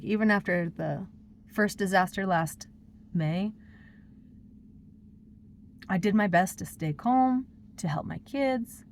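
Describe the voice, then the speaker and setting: A woman's voice: on the low side, creaky, darkish tone, slight background noise. A woman talking through her personal struggles in a confessional vlog, rambling and emotional as she vents. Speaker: vlogger.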